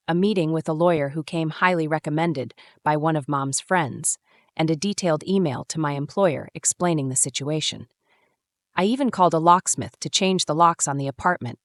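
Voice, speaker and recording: Low-voiced woman narrating a story. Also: dry recording, clean studio sound. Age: 30s. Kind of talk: first-person story narration.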